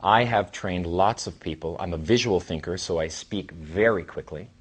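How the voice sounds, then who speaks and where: A man in his thirties giving a casual, rambling seminar talk as a trainer, with sighs and long pauses. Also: sits low, breathy edge. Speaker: dating coach and trainer.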